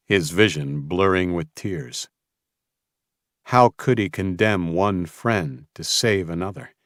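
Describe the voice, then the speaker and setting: Male audiobook narrator, very low voice, dry close sound, dramatic, tense telling. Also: slow, fairly bright tone, no room sound. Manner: tense storytelling.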